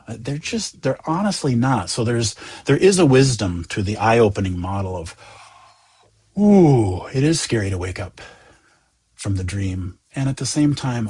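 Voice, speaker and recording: Soft-spoken guy, kinda husky and lowish, gentle and earnest about inner stuff. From United States. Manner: earnest, gentle, animated, often voicing inner thoughts. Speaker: Zen teacher guest. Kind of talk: reflective conversation.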